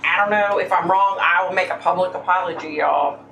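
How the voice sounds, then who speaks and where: A woman's voice: on the low side, fairly even intonation, a little fast, a bit bright. A woman hosting a casual livestream, talking bluntly and speaking her mind. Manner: blunt, opinionated, says "y'all". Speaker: livestream host. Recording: echoey room, faint hum, mic at a distance.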